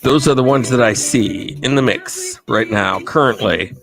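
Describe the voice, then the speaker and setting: A man hosting a live stream, giving rambling, enthusiastic shout-outs to viewers. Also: medium pitch, a little slow. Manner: enthusiastic, rambling, repeats himself. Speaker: livestream host. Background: faint music.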